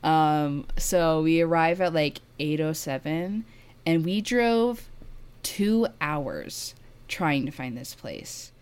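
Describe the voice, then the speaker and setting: A woman's voice: low voice, slow pace, a little mellow, clean tone. A young woman telling a travel story in casual chat, laughing often and filling her talk with "like". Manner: chatty, laughs often, many "like" fillers. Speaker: guest sharing a travel story.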